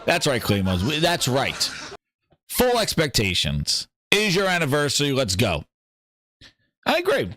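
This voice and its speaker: A man's voice: a little high, measured pace, pauses often, dry recording. A man hosting a gaming show, joking and exclaiming in a comedic livestream chat. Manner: animated, joking, exclaiming, laughing often.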